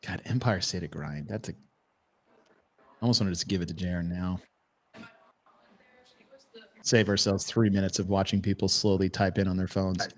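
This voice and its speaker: A man hosting a casual podcast chat, animated and quick to laugh and swear. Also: low-pitched. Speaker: podcast host.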